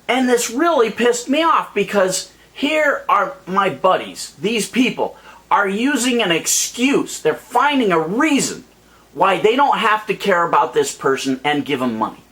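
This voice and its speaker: A man with a notably high-pitched voice delivers a heated vlog rant straight to camera. He sounds exasperated and worked up. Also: sing-song, unhurried, fairly bright tone. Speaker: YouTube vlogger. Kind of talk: ranting vlog monologue.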